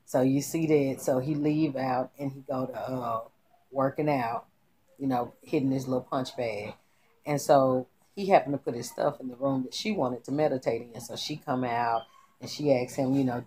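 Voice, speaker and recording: A woman giving an animated, slangy recap of a TV show, talking straight to her viewers. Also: extremely low pitch, a little hiss or hum. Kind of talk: casual TV recap commentary.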